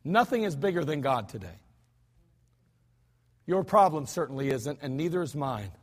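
Pastor, male, high-pitched, casual sermon delivery with sudden loud outbursts. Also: big pitch swings, normal speed. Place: church sanctuary.

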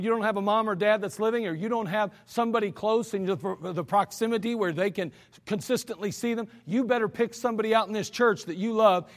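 A high-voiced man preaching a blunt, scolding sermon from the pulpit. His voice rings out with a long reverb through a church hall. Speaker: pastor.

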